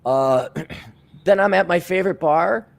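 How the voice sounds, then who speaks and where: A man's voice: a little slow, vocal fry, no room sound. A man telling stories in casual chat, acting out quoted dialogue and swearing now and then. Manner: animated, acts out quoted dialogue with big pitch swings.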